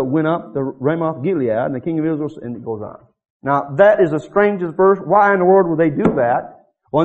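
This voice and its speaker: A man preaching a sermon, telling stories with animation and acting out the voices of the people in them. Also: a little high. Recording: muffled lo-fi recording.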